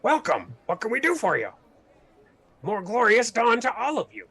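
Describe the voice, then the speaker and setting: A creepily sweet orc cultist who greets everyone with a bright, lifted voice, as a game master voices him. His politeness sounds too nice to be real. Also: very high-pitched, huge pitch swings, moderate pace, breathy edge, pitched above the performer's own voice, full character voice. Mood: welcoming. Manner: overly polite, saccharine.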